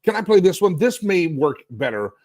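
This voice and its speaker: Middle-aged male host, sarcastic, animated, slightly high-pitched voice, dry close sound, rambly live-stream delivery. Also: moderate pace, dry recording. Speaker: talk show host. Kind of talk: live political commentary stream. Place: hotel suite.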